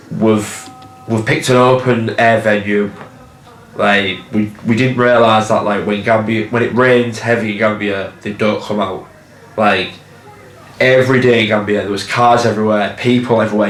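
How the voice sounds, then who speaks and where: A young man from Hull with a Hull accent and a fairly low voice, telling a casual story about a gig. He talks in a chatty way, swears freely and acts out what people said. The sound is echoey and a little distant, as if recorded across a room. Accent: Hull, England. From England. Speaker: musician in a band.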